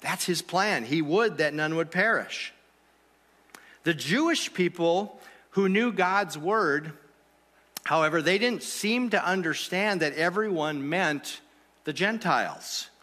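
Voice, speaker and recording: A pastor preaches to his congregation in an easy, conversational way, often checking in with rhetorical questions. His voice sits a little high and rings bright and forceful. The sound trails off in the long reverb of a church hall. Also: lively intonation, slow. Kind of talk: sermon.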